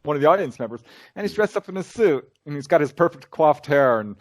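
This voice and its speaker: A man's voice: on the high side, quick pace. A man being interviewed as a researcher, telling stories in a casual way and acting out the dialogue. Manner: animated, acts out quoted dialogue. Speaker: guest, UFO researcher and lecturer.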